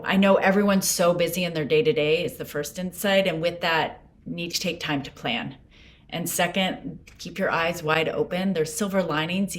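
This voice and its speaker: A woman moderating a business panel discussion, wrapping up with encouraging takeaways. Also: low voice. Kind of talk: webinar moderating.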